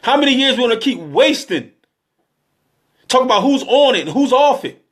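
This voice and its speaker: A man's voice: very high-pitched, sing-song, normal speed, a bit bright. A man in his thirties giving an emotional, pleading exhortation, repeating his calls over and over. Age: 30s. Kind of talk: impassioned exhortation.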